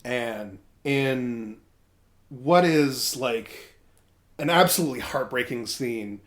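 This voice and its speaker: A man's voice: medium pitch, slow pace. Man animatedly retelling a story. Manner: animated storytelling retelling scenes in quoted voices. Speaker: podcast co-host recapping a manga. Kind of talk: casual chat.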